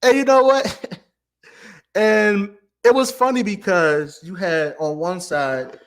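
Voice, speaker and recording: Speaking slowly in a high-pitched voice, this late-twenties male host leads an easygoing commentary program. Emotion pours out animated and heartfelt as he stammers and keeps repeating "man."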